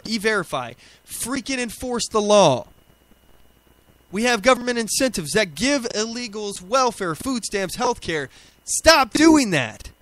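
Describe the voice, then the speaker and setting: A man's voice: sits high, fairly bright tone, no room sound. A young man hosting a political talk radio show, ranting emphatically in a plainspoken way with fillers.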